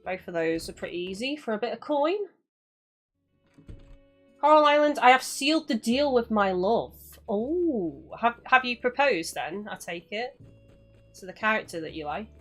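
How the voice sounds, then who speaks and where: A woman's voice: mid-range voice, animated, normal speed, fairly bright tone, soft background music. A woman chatting casually to her viewers while live-streaming a game, swearing now and then.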